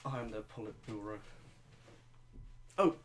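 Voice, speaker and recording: A man's voice: fairly low pitch, takes it slowly, heavy background noise. Crude sarcastic young man. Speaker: podcast host. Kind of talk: casual chat.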